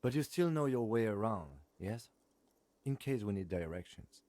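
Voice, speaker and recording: An actor voicing a calm, precise male police lieutenant in a video game, measured and dry. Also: on the low side, dry recording, lightly acted.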